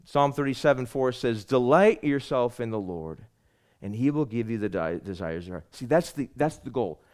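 A male pastor delivers a Sunday sermon with a very lively, swooping voice. He swings from loud, stressed lines down to soft, hushed asides, speaking straight to the congregation. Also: medium pitch, moderate pace.

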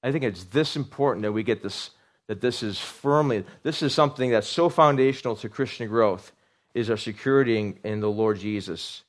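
A middle-aged man preaching a sermon, animated, repeating words for emphasis and asking his congregation questions. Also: on the low side, normal speed. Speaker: pastor.

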